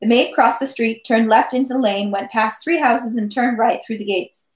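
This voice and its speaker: A woman reading a classic novel aloud in measured, steady narration. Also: fairly high pitch. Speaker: reader. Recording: echoey room.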